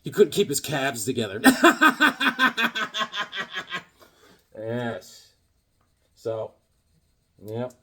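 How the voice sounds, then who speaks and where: A man showing off his comic books in a casual vlog, animated and joking, with corny puns and sudden yelps. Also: medium pitch, slow, long pauses. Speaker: comic book vlogger. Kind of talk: casual show-and-tell chat.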